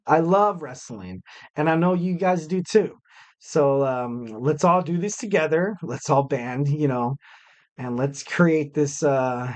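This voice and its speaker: A young man hosts his own podcast alone, chatting loosely and cheerfully. He rambles, fills gaps with ums and you-knows, and throws in self-deprecating jokes. His voice sits at a middle pitch for a man. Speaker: podcast host. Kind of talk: casual solo podcast talk.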